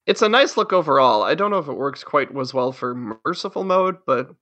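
A man's voice: mid-range voice, expressive, brisk, fairly bright tone, dull audio. A man co-hosting a podcast, answering with short quips and agreement in casual chat. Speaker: podcast co-host.

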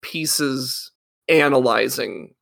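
Gravelly, bright-voiced podcast co-host man. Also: medium pitch, very slow. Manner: chatty, gives advice with many fillers. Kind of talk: casual podcast chat.

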